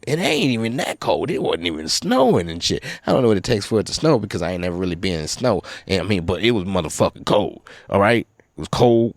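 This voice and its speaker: A man with a low, deep voice hosts a solo podcast and rambles through stories in a loose, profane, animated way. The sound is dry and close, with no room behind it. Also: creaky, no echo. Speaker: podcast host. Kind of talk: casual solo podcast rant.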